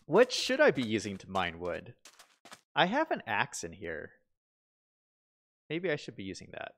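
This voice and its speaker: A man streams himself playing a building game, chatting casually in an unhurried, fairly low, fairly bright voice with wildly swooping pitch. He poses questions to himself and reads viewers' comments out loud.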